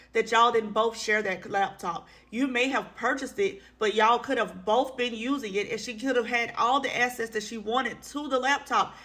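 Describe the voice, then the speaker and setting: A woman hosts drama commentary in a casual, conversational way, often sounding exasperated as she talks straight to her viewers. Her voice sits slightly high for a woman. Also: bright, forceful tone. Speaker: commentary host.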